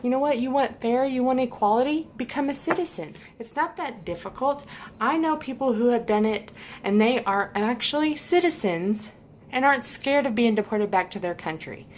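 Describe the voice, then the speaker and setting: A woman's voice: fairly high pitch, animated, moderate pace, slight background noise. A woman giving a heated, emphatic opinion rant to camera, repeating points for stress. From United States. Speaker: vlogger.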